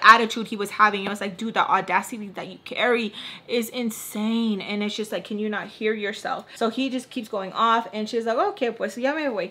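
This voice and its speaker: Young woman, casual storytime vlogger, bright clear voice, chatty, acts out quotes. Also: mid-range voice. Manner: chatty, acts out other people's lines; heavy use of "like". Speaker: YouTuber telling a story. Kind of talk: casual storytime while doing makeup.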